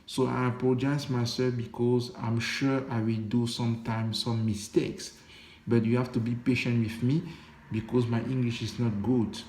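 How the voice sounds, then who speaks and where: Young man with a gravelly French accent. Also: mid-range voice, flat delivery, darkish tone, echoey room, slight background noise. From Africa. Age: young adult. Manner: halting, many restarts and fillers. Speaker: vlogger. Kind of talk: casual vlog monologue.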